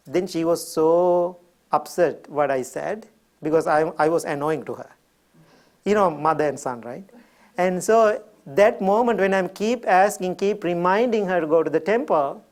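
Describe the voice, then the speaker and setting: A middle-aged man with a Sri Lankan accent, a Buddhist monk telling a personal story in a gentle dharma talk, chuckling often. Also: high voice, lively intonation, a little slow.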